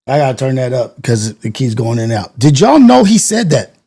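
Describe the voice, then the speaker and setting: A man's voice: mid-range voice, very animated, a little fast, warm tone, breathy edge. A man hosting a casual live stream, rambling and thinking aloud, often correcting himself. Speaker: live-stream show host.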